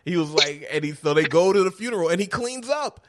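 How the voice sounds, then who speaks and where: A man co-hosting a casual film podcast, animated and profane, acting out scenes with quoted lines. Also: high-pitched, fairly quick, noisy background. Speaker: podcast co-host. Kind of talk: casual movie discussion.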